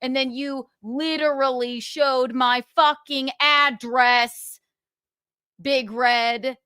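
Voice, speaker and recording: A woman's voice: high-pitched, fairly even intonation, slow pace, bright, forceful tone, clear, resonant tone, no echo, clean studio sound. A young woman hosting a livestream, ranting with profanity and sarcasm. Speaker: podcast host.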